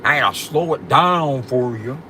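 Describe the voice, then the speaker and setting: A man's voice: mid-range voice, expressive, normal speed, sharp tone, slight background noise, poor audio. A man hosting a casual livestream, joking and bragging to his chat in a loose, profane drawl, often repeating "you know what I'm saying". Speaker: livestream host.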